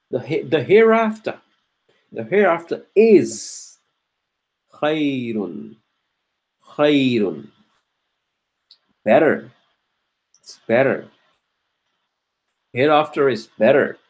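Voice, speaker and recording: A man teaching Quranic Arabic grammar, explaining step by step with frequent restarts and throat-clearing, and chanting verses between explanations. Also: mid-range voice, sing-song, drawn-out words, long pauses. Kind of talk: grammar lesson.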